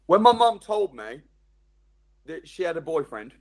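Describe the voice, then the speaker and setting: Animated man giving a lively seminar talk. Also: on the high side, unhurried. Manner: animated, acts out quoted inner voices; addresses the audience directly with questions. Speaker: seminar speaker. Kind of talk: live motivational seminar talk.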